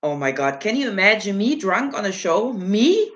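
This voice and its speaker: A woman's voice: medium pitch, very animated, moderate pace, dull audio. A woman hosting a casual livestream, rambling and laughing as she answers chat messages from her viewers. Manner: giggly, rambling, self-mocking. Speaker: livestream host.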